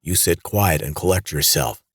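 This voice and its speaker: A man's voice: low-pitched, expressive, moderate pace, fairly bright tone, slightly rough, dry recording, studio quality, heavily acted. A man voicing a wounded police chief who speaks steadily and reassuringly through his pain. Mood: strained reassuring.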